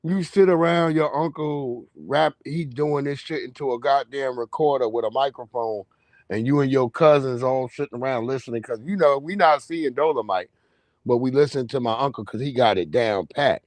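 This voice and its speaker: A man's voice: mid-range voice, dry recording. A man hosting a livestream, telling rambling, profane stories in a casual monologue. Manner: profane, rambling, drawn-out storytelling. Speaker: livestream host.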